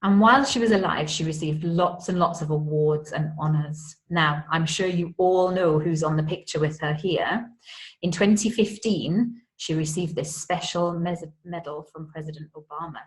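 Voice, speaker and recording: A woman's voice: low-pitched, normal speed, low-quality recording. Woman teaching history to children. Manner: friendly, explains terms simply for children. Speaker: primary school teacher. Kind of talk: home-school history lesson for children.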